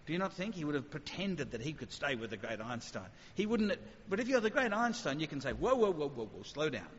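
A man preaching a conversational sermon, animated, with rhetorical questions. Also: high-pitched, a little hiss or hum. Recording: dull sound with long hall reverb.

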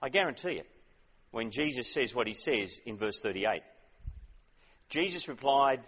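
A man's voice: medium pitch, lively intonation, normal speed, pauses often, a bit bright, slightly rough, big-room sound, lo-fi sound. A man preaching a sermon in a conversational, emphatic way, often asking questions.

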